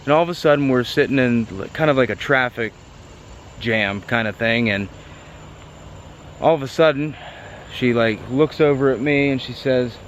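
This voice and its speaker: A man tells a personal story straight to the camera, chatty and excitable, full of "like" and restarts. His voice sits at an ordinary middle pitch, with a faint hiss of noise underneath. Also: moderate pace, long pauses, lo-fi sound. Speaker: car vlogger.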